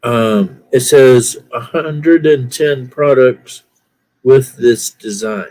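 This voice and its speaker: Slow-talking man with the hiccups. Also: medium pitch, darkish tone, no echo. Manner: slow, rambling and profane. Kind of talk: casual chat.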